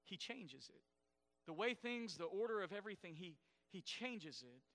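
High bright-voiced preacher in a hall. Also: male voice, big pitch swings, normal speed. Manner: explanatory, asks the congregation questions. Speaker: pastor. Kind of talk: sermon.

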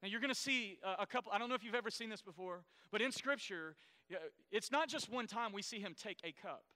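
Male pastor, high bright voice, smooth and clear, explains things to the congregation, church hall with long reverb. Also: fast. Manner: explanatory, asks the congregation questions. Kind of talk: sermon.

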